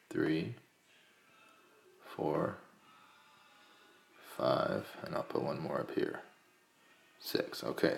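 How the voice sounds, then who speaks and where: A man with a very deep, gravelly voice explains math step by step. He talks calmly and counts through each part aloud. The room around him is echoey. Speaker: math teacher. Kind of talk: screencast math lesson.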